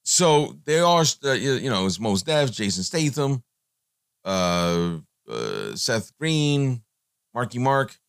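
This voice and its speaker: A man's voice: medium pitch, very animated, takes it slowly, gravelly, clear, resonant tone, dry recording, clean studio sound. A man hosting a podcast, giving a blunt, profane, rambling monologue with many fillers. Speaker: podcast host.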